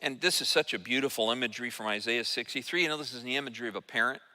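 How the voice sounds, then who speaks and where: An older male pastor preaching in an earnest, emphatic way, often restarting his phrases. His voice is bright and forceful at a middle pitch. It rings with the long reverb of a church hall. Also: rapid-fire. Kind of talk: sermon. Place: church sanctuary.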